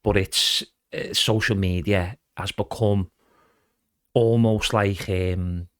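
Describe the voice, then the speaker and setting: A man's voice: on the low side, steady tone, takes it slowly, fairly bright tone, clean tone, no room sound, clean studio sound. A middle-aged man chatting as a podcast guest, rambling casually and calling the host "mate". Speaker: guest impressionist.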